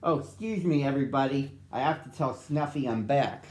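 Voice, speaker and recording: A man voicing a big, gentle, childlike bird in a storybook reading, in a high, eager and innocent voice. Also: normal speed, reverberant, lightly acted.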